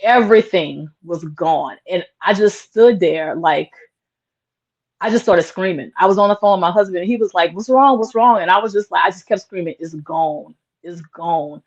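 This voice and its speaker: A woman's voice: lowish voice, normal speed. A woman guest in an interview, telling a personal story in an earnest, emotional way, with lots of "like" fillers. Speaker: interview guest, small business owner. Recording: dull lo-fi sound.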